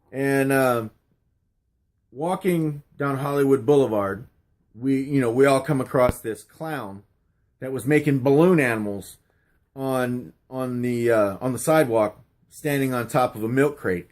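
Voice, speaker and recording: A middle-aged man with a medium-pitched, slightly mellow voice casually rambles through a question tag on his YouTube channel, telling stories along the way. His casual storytelling vlog is peppered with fillers and restarts.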